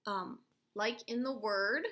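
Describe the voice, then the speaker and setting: A woman's voice: medium pitch, sharp tone. A woman teacher giving a recorded phonics and spelling lesson, patiently spelling out letters and sounds. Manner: patient, slow letter-by-letter explaining.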